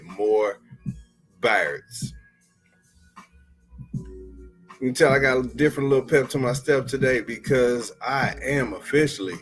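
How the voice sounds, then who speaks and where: A man hosting his own podcast, telling stories in a loose, playful, slangy way. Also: medium pitch. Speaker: podcast host. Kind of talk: casual solo podcast monologue.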